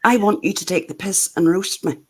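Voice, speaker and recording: A woman's voice: medium pitch, fairly quick. A woman from Northern Ireland with a Northern Irish accent, hosting a casual group chat and laughing often. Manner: laughs often, chatty and animated. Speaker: show host.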